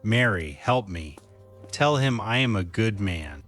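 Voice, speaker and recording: A man playing a remorseful young husband after a drunk-driving crash, in a slow scripted learner's story, pleading and desperate. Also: on the low side, expressive, a bit bright, breathy edge, exaggerated voice. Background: faint music.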